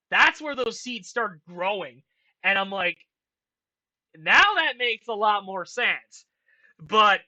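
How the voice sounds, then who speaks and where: A young man giving casual, rambling commentary as a channel host, excitable and swearing often. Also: sits high. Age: young adult. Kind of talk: casual commentary ranking a franchise.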